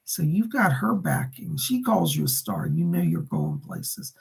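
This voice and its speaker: A man's voice: sits high, animated, a little slow, vocal fry, slightly rough. A man hosting a live stream of psychic readings, relaying spirit messages and thanking viewers for donations. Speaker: psychic medium on a livestream.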